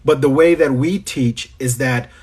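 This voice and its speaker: A Trinidadian business coach runs a livestream Q&A, his mid-range voice unhurried, somewhat mellow and a touch rough. He's chatty, calls out viewers by name and keeps repeating his phrases in his Trinidad and Tobago accent.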